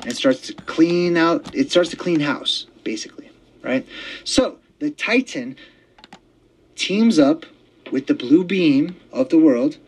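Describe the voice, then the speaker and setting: A man hosting his own podcast, talking in a rambling, excitable casual monologue full of fillers and restarts. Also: fairly high pitch, slow pace, breathy edge, low-quality recording. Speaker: podcast host.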